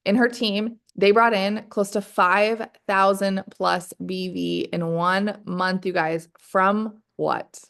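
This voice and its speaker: A woman's voice: mid-range voice, gravelly. Peppy woman coaching a sales team. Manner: energetic, keeps calling the audience "you guys"; rapid rhetorical questions. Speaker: sales team leader training distributors. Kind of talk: motivational training call.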